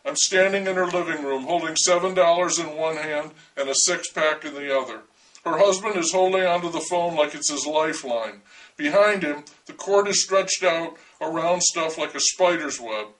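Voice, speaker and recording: A man reads a first-person story aloud with dry, wry humor. His voice sits a little high for a man. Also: moderate pace, fairly bright tone, far from the mic, low-quality recording.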